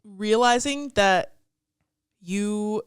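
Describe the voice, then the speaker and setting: Smooth-voiced young woman chatting about lyrics. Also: mid-range voice, drawn-out words, no echo, studio quality. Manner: chatty, fond of "like", swears casually. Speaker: podcast co-host. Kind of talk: casual chat about song lyrics.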